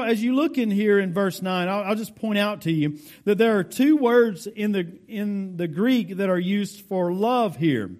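A man's voice: high-pitched, a little mellow. A pastor from the United States giving a verse-by-verse teaching sermon. He explains with care, lands hard on key words, and speaks straight to his congregation. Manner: deliberate, explanatory, stresses key words emphatically.

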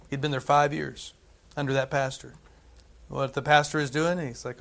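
A man preaching a sermon in a conversational way, often checking in with "right?" and dropping from loud to hushed. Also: mid-range voice, flat delivery, moderate pace, gravelly. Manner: conversational, frequent "right?" asides, swings between loud and hushed.

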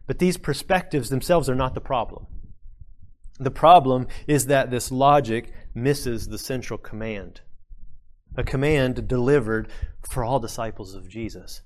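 A man delivering a sermon from the pulpit, earnest and emphatic. His pitch sits in an ordinary middle range, and he presses key phrases by saying them again. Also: unhurried, a little mellow. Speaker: pastor.

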